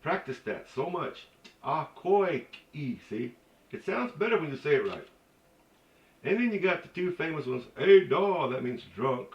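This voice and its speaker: A man's voice: on the high side, sing-song. A man teaches a casual language lesson in a slightly raised voice, stopping and restarting often and filling gaps with "uh." He sounds a little far from the microphone in a roomy, echoing space. The recording is dull and muffled. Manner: halting, many fillers and restarts, joking asides. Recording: echoey dull recording from a distance.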